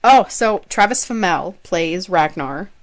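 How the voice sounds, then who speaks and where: A woman's voice: fairly low pitch, lively intonation, measured pace. A young adult woman co-hosting a podcast in casual chat, chatty, laughing often and trailing off mid-sentence. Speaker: podcast co-host.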